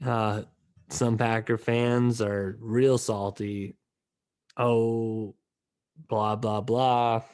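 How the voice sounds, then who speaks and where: A young man hosting his own podcast, rambling with fillers and restarts, tired and yawning, swinging between mournful mumbling and loud outbursts. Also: mid-range voice. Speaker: podcast host. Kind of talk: casual solo podcast rant.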